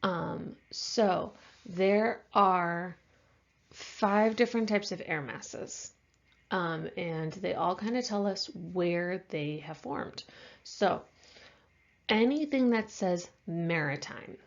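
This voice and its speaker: A woman teacher talks through a science lecture at a slow, easy pace, with a gravelly, creaky edge to her lowish voice. She explains casually, with plenty of fillers, and sounds a little tired. The recording is slightly dull and lo-fi. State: yawning, tired.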